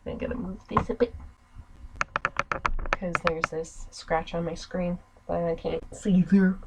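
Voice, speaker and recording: A woman's voice: lowish voice, little pitch movement, takes it slowly, long pauses, a little mellow, husky, low-quality recording. A woman with an American accent giving offhand, self-mocking asides while playing a video game. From United States. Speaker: let's player. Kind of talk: casual gameplay commentary.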